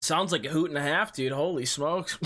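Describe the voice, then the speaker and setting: A man's voice: a little high, normal speed, bright, forceful tone. A young man co-hosting a podcast, reacting with jokes and goofy mild exclamations in casual chat. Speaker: podcast co-host.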